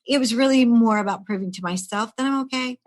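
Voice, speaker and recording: A woman's voice: fairly high pitch, fast. A woman in her sixties, a stress management coach, telling her own story in a casual podcast chat and acting out the voices of the people in it. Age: 60s. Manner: animated storyteller who acts out quoted voices with laughs.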